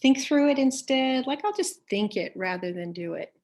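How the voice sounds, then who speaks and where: A woman presenting a workshop, calmly leading listeners step by step through a body-awareness exercise with pauses. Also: high-pitched. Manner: calm, step-by-step instructions with pauses.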